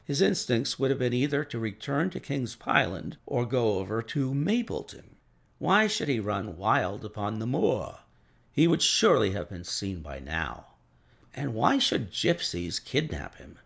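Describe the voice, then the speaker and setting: A sharp-witted detective from a classic storybook, thinking out loud in a crisp, lively voice, as a male reader gives him. There is a gravelly texture under the measured, animated delivery. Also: medium pitch, full character voice. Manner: crisp, reasoning aloud. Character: brisk, keen-minded male detective. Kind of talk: storybook reading.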